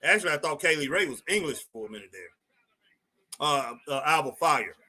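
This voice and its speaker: A man's voice: a little high, expressive, fairly quick, bright, forceful tone, slightly rough. A man hosting a casual live stream, chatting loosely and repeating himself as he answers viewers. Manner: chatty, repeats phrases, talks to chat viewers. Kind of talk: casual live wrestling chat.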